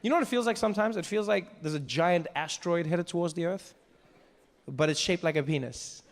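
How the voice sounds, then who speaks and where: A man from South Africa performs stand-up on a theater stage, talking to the crowd in an animated, conversational way. His voice sits fairly high. A long theater reverb and a faint hiss surround it. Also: brisk. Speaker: stand-up comedian. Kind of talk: stand-up comedy.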